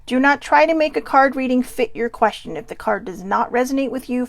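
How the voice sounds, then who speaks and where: A woman hosting a live oracle card reading, chatting candidly and rambling, and swearing freely as she goes. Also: a little high. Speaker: oracle card reader and host. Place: lives in Southern California.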